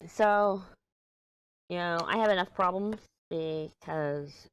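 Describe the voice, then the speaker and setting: A woman's voice: fairly low pitch, slow pace, clear, resonant tone. A woman vlogger chatting casually from a small room at home, rambling and sounding agitated as she vents. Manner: rambling and agitated, venting frustration. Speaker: crafting vlogger.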